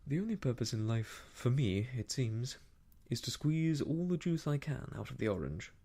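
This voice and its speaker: A man voicing an idle, uneasy young gentleman in a whispered role-play, hesitant and sheepish. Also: medium pitch, expressive, moderate pace, gravelly.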